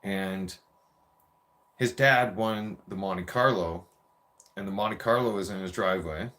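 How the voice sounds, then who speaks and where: A man's voice: deep voice, unhurried, sharp tone. A man in his forties telling a rambling, profane childhood story in a casual rant.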